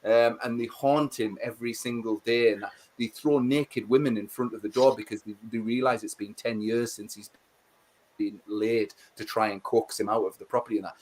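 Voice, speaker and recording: A man co-hosting a casual livestream chat, animated and swearing as he rants about films. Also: lowish voice, normal speed. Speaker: co-host.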